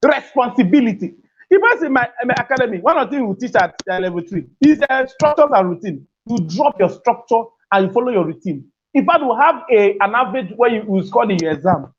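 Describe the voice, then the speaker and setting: A woman gives an emphatic, preachy talk on parenting, repeating her key phrases and laughing between points. Her slightly high, slightly rough voice swings widely in pitch and moves fast, captured on a dull lo-fi recording.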